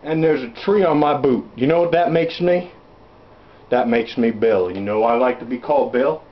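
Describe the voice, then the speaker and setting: A man's voice: mid-range voice, normal speed, lightly acted. A man playing a crude, blustering backwoods salesman who rambles and curses while hawking junk, in a comic home-video sketch. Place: indoors at home. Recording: roomy, dull home camera audio.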